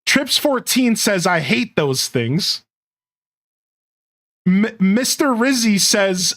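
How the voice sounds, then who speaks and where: Animated high-voiced male streamer. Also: slow pace, pauses often. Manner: excitable, laughs often, reads chat aloud. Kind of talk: casual gaming commentary.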